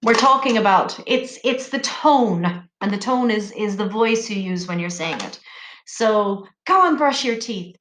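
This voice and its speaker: A woman teacher talking to young schoolchildren in an animated, sing-song classroom voice. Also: mid-range voice, a little slow, roomy sound, slight background noise.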